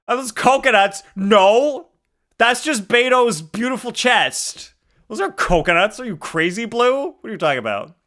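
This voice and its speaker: A man's voice: sits high, bright, forceful tone. A young man streaming live, reading chat aloud and joking about his drawings with crude humor and frequent laughter.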